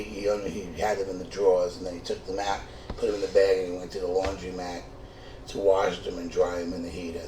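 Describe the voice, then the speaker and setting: Middle-aged man, comic storyteller, profane, stammering restarts, low voice, distant mic. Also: vocal fry, a little mellow. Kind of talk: comic true-story telling. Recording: echoey room, distant mic, faint noise.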